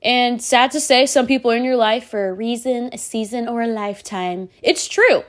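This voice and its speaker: A woman's voice: a little high, moderate pace. A woman in her thirties hosting a solo podcast, talking bluntly and candidly straight to the listener. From United States. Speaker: podcast host.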